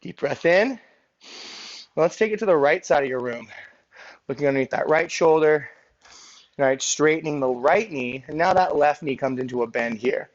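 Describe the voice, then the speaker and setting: A winded male fitness coach leads a live workout in a slightly high voice. He counts reps, whoops to push people on, then slows into calm breathing and stretching cues. The audio is a bit dull.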